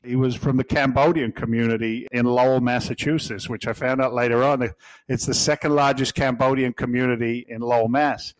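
A man's voice: medium pitch, no echo, poor audio. A middle-aged man with an English accent, a podcast guest telling stories in a blunt, jokey, swearing way. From England. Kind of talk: casual storytelling.

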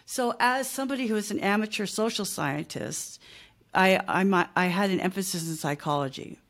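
A woman's voice: medium pitch, normal speed, a bit bright. A woman in her fifties, a small business owner talking as a podcast guest in a chatty, emphatic way, often checking in with "right?" and "okay?". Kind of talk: casual podcast interview.

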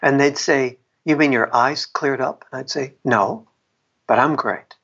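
A man's voice: medium pitch, a little slow, a bit bright, breathy edge. A middle-aged man, an author and guest, telling a personal story in an interview in a reflective way, laughing often and restarting sentences. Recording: dull lo-fi sound.

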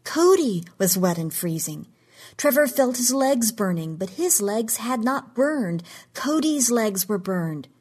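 A woman's voice: on the high side, animated, measured pace, darkish tone, slightly rough, pitched above the performer's own voice. A woman reading the lines of a frightened, desperate woman whose voice rises with anxiety. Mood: distraught. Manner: pleading, anxious, voice rising.

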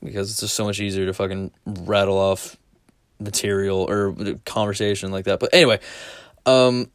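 A young man tells crude, rambling stories about himself on a casual solo podcast. His voice sits fairly low and he mocks himself as he goes. The sound is dry and close. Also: little pitch movement, normal speed, smooth, dry recording. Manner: crude, rambling and self-deprecating, laughing often. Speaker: solo podcaster and store clerk.

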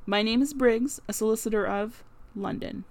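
A woman reading the part of a composed male lawyer who speaks calmly and distinctly in an audiobook. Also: a little high, normal speed, natural voice. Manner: calm, distinct and steady. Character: calm precise male lawyer.

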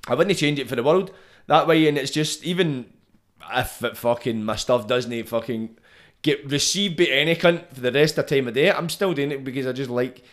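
A Scottish man hosting a casual podcast, blunt and sweary. He rambles through his points in an easy, matter-of-fact voice of middling pitch. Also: moderate pace, a bit bright. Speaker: podcast host.

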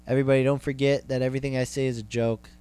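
Young man, solo podcast host, sweary comic rant, mid-pitched voice, keeps circling back. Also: level tone, rapid-fire, dark tone, clear, resonant tone. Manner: profane, exasperated, repetitive. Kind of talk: comedic ranting monologue.

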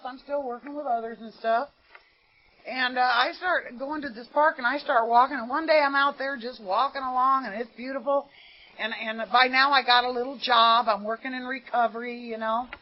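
Earnest woman telling her recovery story. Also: fairly high pitch. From United States. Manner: earnest, conversational storytelling with frequent "you know". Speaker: speaker at a recovery meeting. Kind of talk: personal recovery testimony. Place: meeting room. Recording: dull lo-fi meeting tape.

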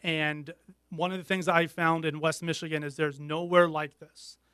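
A middle-aged man, guesting on an interview, speaks candidly in a slightly high voice with little pitch movement and a sharp, smooth tone. He's earnest but halting, often restarting thoughts mid-sentence, and the recording is dry and close with no room echo.

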